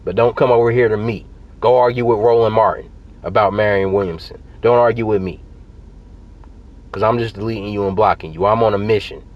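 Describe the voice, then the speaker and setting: A man's voice: lowish voice, steady tone, a little fast, lo-fi sound. A man giving heated, emphatic political commentary to his viewers in a direct-to-camera vlog, repeating his points for force. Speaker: political vlogger.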